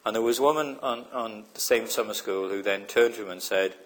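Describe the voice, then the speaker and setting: A lower-pitched man delivering a lecture. He talks in a thoughtful, searching way, with pauses and fillers, and keeps checking in with questions to his audience. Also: fairly bright tone. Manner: reflective, checks understanding with repeated questions; hesitant, many fillers and restarts. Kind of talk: recorded lecture.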